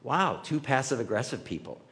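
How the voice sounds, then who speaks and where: A man's voice: mid-range voice, sing-song, a little fast, fairly bright tone. A man preaching a sermon in a conversational way, often checking in with the room with "right?". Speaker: pastor. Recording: reverberant hall.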